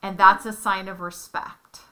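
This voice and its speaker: A woman's voice: medium pitch, level tone, a little slow, sharp tone. A woman tutoring one-on-one, patiently explaining step by step with examples. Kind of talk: one-on-one Spanish lesson.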